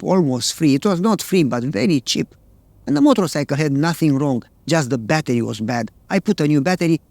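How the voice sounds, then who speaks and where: A man's voice: on the high side, darkish tone, dry recording. A male pastor preaching a sermon, telling a story in plain, earnest words.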